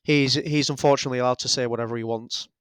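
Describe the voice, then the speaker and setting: A man's voice: medium pitch, fairly even intonation, very fast, a bit bright, clear, resonant tone, no room sound. Blunt, profane man, dry sound. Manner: blunt, swears freely. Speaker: podcast guest. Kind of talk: casual chat.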